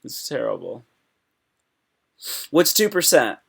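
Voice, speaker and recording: Excitable man hosting a fight-recap stream. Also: medium pitch, slow pace, vocal fry, breathy edge. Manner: excitable, jumps between topics, reads live chat aloud; animated with sudden loud yelps and imitations. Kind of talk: casual live stream chat.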